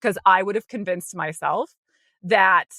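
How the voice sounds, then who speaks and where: A woman with a bright, forward voice shares a personal story on a podcast. She is casual and animated, often slipping into her own inner voice and laughing lightly. The sound is close and dry. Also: medium pitch, a little slow, vocal fry, dry recording. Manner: frequent light laughter and "like" fillers. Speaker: podcast co-host.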